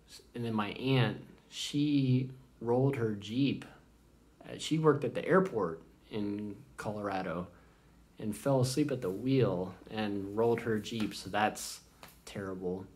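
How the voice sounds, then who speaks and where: A man in his thirties casually telling family stories to camera, rambling and halting with many fillers. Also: lowish voice. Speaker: vlogger. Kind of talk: casual storytelling.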